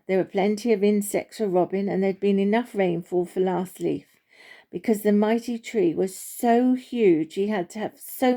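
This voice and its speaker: A woman reading a children's storybook aloud in a gentle, unhurried way, with small slips and restarts. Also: mid-range voice.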